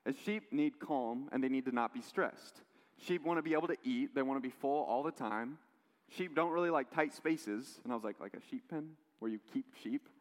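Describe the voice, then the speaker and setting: A man preaching a sermon, telling stories in a lively way with quoted voices and asides. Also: mid-range voice, moderate pace. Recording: long hall reverb.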